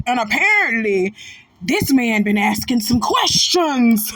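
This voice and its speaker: A woman hosting a casual celebrity gossip commentary, animated and preachy, calling her listeners baby. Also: on the high side, measured pace, dry recording. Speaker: host.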